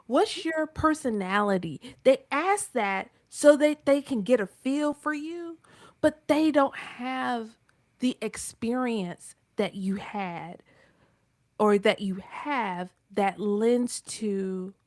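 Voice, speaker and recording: A woman's voice: fairly high pitch, slow pace, dry recording, studio quality. A woman with a North Carolina Southern accent talking on a live business show, emphatic and acting out quoted speech in changing voices. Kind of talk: casual chat on a live broadcast.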